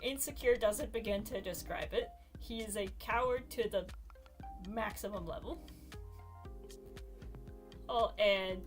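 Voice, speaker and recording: Animated, giggly woman telling a story. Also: on the high side. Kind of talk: casual storytelling while gaming.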